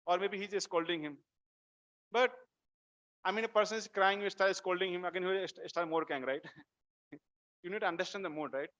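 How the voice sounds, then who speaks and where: Male temple speaker with an Indian English accent; animated scripture talk, raised and sharp-toned, captured on a muffled recording. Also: sits high, fairly quick, pauses often. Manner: animated, acts out quotes, asks listeners rhetorical questions. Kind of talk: devotional lecture on scripture.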